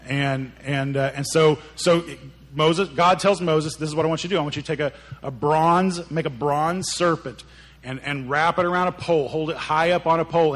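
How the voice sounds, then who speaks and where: A man's voice: a little high, moderate pace, a bit bright. A man preaching a sermon, retelling stories in a conversational way and acting out the characters' lines, often repeating words as he goes. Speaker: pastor.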